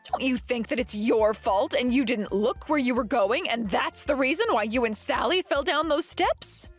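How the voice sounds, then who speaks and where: A woman's voice: fairly high pitch, normal speed, faint music behind, natural voice. A woman voicing a domineering middle-aged mother-in-law who accuses and bullies, in a dramatized text-message story. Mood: indignant. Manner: accusing and self-righteous.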